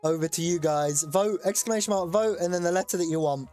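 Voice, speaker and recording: A streamer hosting a chat-voted game live, excitable and loose, swearing casually while explaining the rules. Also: medium pitch, fast, faint music behind.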